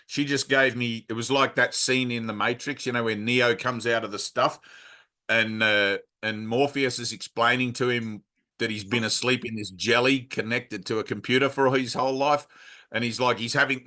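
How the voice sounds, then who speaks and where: A man's voice: mid-range voice, fairly even intonation, moderate pace, pushed and bright. A man leading a casual spiritual talk, speaking bluntly and frankly, swearing freely, and wandering through asides. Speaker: spiritual teacher leading a satsang.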